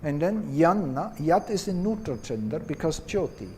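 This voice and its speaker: A man teaching Vedic chanting who explains gently and drops in many "you see" asides. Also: fairly high pitch, sing-song, moderate pace, slight background noise.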